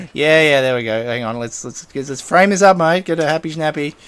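Chatty man, fairly high voice. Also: fairly even intonation, normal speed, fairly bright tone, smooth. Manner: chatty, chuckling, flustered under pressure. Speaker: gaming channel host. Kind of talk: let's play commentary.

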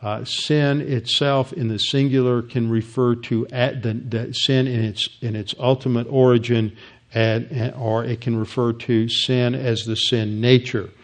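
A male pastor teaching a Bible lesson in an explanatory way, with frequent halting restarts. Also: mid-range voice, flat delivery.

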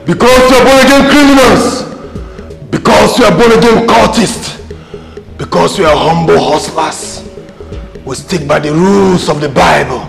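An actor with a Nigerian accent playing a boastful campus gang boss who shouts like a preacher. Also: male voice, sits high, a little slow, creaky, roomy sound, music in the background, poor audio. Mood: preaching. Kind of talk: Nollywood film acting.

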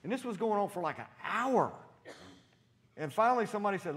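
A man preaching a sermon in a church, animated and storytelling, acting out voices as he quotes people. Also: high-pitched, fairly quick. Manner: animated, acts out quotes with loud shouted voices.

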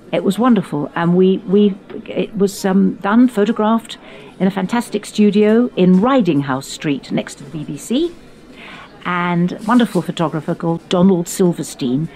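An older Englishwoman with a mid-range voice hosts her own podcast, reminiscing about her youth in conversation. She tells her stories animatedly, putting on playful voices for the quotes.

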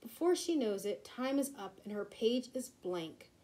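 A woman reading a children's storybook aloud in a gentle, expressive way. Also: on the high side, a little slow, low-quality recording. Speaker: reader.

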